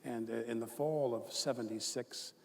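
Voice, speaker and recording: A man in his fifties, a guest author telling rambling, animated stories with many fillers and restarts in a live onstage conversation. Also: medium pitch, normal speed, gravelly. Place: large event hall with a live audience. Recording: long reverb of a large hall, faint noise.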